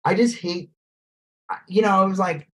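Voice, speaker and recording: A man co-hosting a podcast in casual chat, rambling and animated, swearing freely and mimicking posh voices. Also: sits high, moderate pace. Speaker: podcast co-host.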